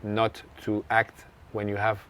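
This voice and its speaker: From France, this tennis coach speaks in a lowish, monotone voice with a slightly bright edge, keeping a measured pace. He recounts a story in an interview with earnest reflection, performing remembered exchanges in his French accent.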